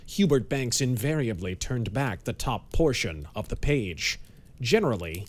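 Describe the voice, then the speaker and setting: A man giving measured, dramatic narration of a pulp audiobook. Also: medium pitch.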